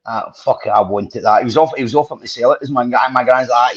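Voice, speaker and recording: A man hosts a casual podcast and tells long, sweary anecdotes full of restarts. His voice is slightly husky. The recording has a dull, lo-fi quality. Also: medium pitch, steady tone, a little fast, hardly any pauses. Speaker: podcast host. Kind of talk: casual storytelling chat.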